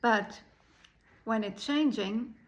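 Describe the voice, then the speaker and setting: A woman voicing a big, wise male wolf who gives calm, stern advice. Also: fairly high pitch, slow pace, rough recording. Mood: earnest.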